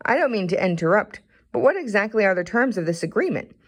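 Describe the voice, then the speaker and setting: A woman voicing a small, anxious male mouse sidekick in a storybook reading, squeaky and fussy. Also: very animated, fast talker.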